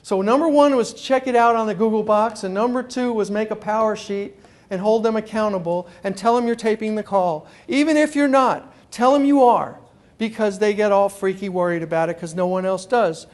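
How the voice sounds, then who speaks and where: High-voiced New man telling stories. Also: moderate pace. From New York. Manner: animated storyteller acting out phone calls. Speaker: guest speaker. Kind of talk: humorous keynote talk. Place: conference room before an audience.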